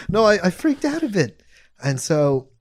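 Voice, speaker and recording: Podcast host, man, lively storyteller, pitch swings up and down a lot. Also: measured pace, no room sound, clean studio sound. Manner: animated, laughing, slips into a mock British accent for quotes. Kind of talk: casual storytelling chat.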